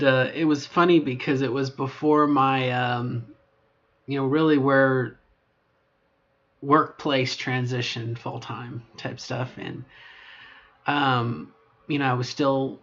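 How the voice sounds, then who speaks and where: A woman's voice: a bit bright, lo-fi sound. Rambling middle-aged trans woman vlogger. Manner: rambling, many fillers and restarts, shifts between lower and upper voice register. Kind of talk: casual video diary.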